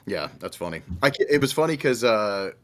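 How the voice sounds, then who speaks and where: A man's voice: on the low side, sing-song, fairly quick. A man co-hosting a casual podcast, telling stories with lots of swearing and laughter. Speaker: podcast co-host.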